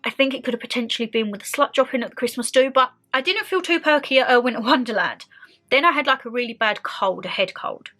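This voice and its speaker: A woman's voice: on the high side, expressive, quick pace, pushed and bright. A young woman with a British accent, chatting openly and expressively to her viewers in a casual sit-down vlog. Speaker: vlogger.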